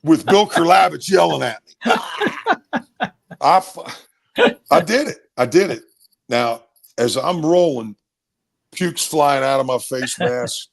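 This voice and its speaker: With a creaky, mid-range voice, a middle-aged Marylander who played college football recounts stories casually. Animated throughout, he imitates the voices of the people in them.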